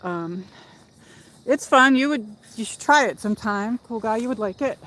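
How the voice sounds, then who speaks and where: A woman's voice: medium pitch, expressive, brisk, rough recording. Breathless woman chatting on a hill walk. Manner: rambling, chatty, talks to viewers while walking. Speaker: livestream host. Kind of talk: casual walking livestream chat. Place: outdoors on a hill in a lakeside park.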